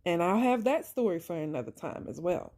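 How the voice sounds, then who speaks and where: With a low, dark voice, big pitch swings, and a slightly fast pace, a vlogger tells her own story of faith and surviving abuse. She speaks passionately in a preacher's manner, repeating points and calling listeners "y'all." Her heartfelt faith-based monologue strains her voice, leaving her close to tears.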